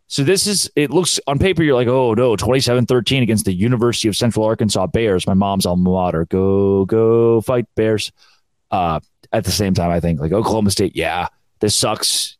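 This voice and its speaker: A young man, hosting a solo college football podcast in a sarcastic, animated rant. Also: fairly low pitch, no room sound. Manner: sarcastic, animated, mocking quoted fans. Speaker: podcast host.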